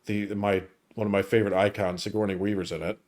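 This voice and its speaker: A man co-hosting a casual movie review podcast who hesitates, repeats his words and lets his voice trail off quietly. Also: on the low side, flat delivery, quick pace. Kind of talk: casual chat.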